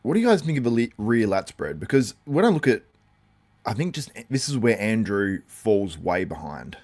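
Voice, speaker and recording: A man with a notably deep, low voice hosts a live watchalong. He talks in a loose, rambling way, full of fillers, and keeps breaking off to answer viewers' comments. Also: sing-song, normal speed, darkish tone. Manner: chatty, reacts to viewer comments. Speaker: host.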